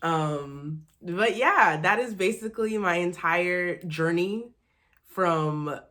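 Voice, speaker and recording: A young woman from Texas talks straight to camera in a small apartment, loose and candid, peppering her talk with "like" and swear words. Her voice sits low for a woman. The delivery is casual vlog chat. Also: takes it slowly, fairly bright tone. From Texas, USA. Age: young adult. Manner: chatty and candid, full of fillers and swearing. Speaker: vlogger, new teacher.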